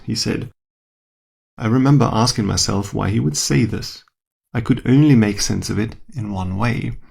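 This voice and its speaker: A man's voice: lowish voice, moderate pace, creaky, a little mellow, breathy edge. A man, a scientist, telling a first-person story in a dry, wry, self-deprecating manner.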